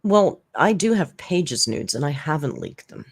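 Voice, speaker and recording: A channel host giving casual spoken commentary, blunt and rambling, with frequent restarts, side remarks and sarcastic jumps in pitch for emphasis. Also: big pitch swings, a little slow.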